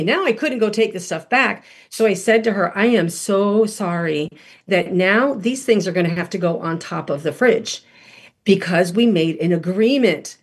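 A middle-aged woman, a guest on a podcast, telling parenting stories and acting out what was said in her own voice. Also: mid-range voice. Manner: animated storyteller who acts out quotes. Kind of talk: storytelling talk.

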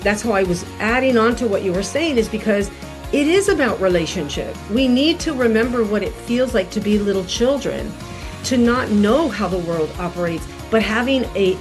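A middle-aged woman, a guest on a podcast, telling parenting stories and acting out what was said in her own voice. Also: mid-range voice. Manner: animated storyteller who acts out quotes. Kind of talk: storytelling talk.

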